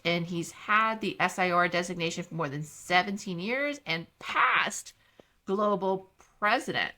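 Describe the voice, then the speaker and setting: A woman's voice: fairly low pitch, sharp tone. A middle-aged woman hosting a casual interview, upbeat and chatty, laughing easily. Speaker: host.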